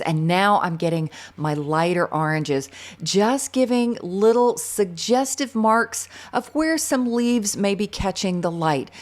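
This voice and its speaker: A middle-aged woman with a faded Southern US accent, from North Carolina, chatting enthusiastically through a real-time painting tutorial and thinking aloud as she works. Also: medium pitch. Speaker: art instructor.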